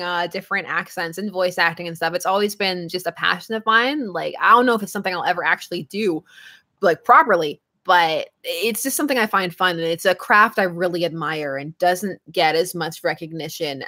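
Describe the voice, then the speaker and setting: A young adult woman chatting casually with her stream viewers, lively and quick to laugh. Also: fairly low pitch. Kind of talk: casual live-stream chat.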